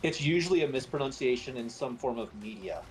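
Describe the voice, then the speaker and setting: A man's voice: mid-range voice, animated, brisk, faint music behind. A man co-hosting a casual stream chat, speaking frankly and easily to the viewers. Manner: easygoing, frank, addresses viewers directly.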